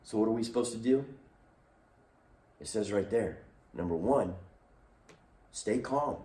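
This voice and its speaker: Man, youth pastor, animated delivery, echoey room, mic set back. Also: on the low side, measured pace, long pauses, recorded from a distance. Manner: animated, acts out quoted voices. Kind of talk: recorded youth lesson.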